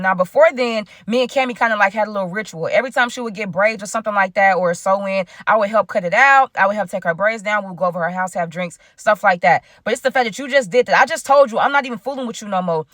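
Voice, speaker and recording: A woman telling a story in casual storytime style, animated and talking straight to her viewers. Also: on the high side, fast, hardly any pauses, no room sound, studio quality. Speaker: storytime vlogger.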